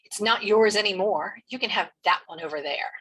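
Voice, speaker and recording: A woman reading aloud as a sneering teenage girl bully with a snarl, her voice husky. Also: mid-range voice, moderate pace, fairly bright tone, poor audio. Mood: taunting.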